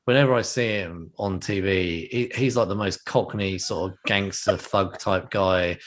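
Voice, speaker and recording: A man's voice: deep voice, steady tone, a little slow. A male podcast host in casual chat, rambling with frequent stammers, restarts and laughs.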